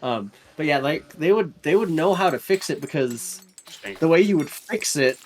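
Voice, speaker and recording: A man's voice: fairly high pitch, lively intonation, normal speed, slight background noise. A young man co-hosting a gaming show in casual chat, rambling with enthusiasm and many fillers.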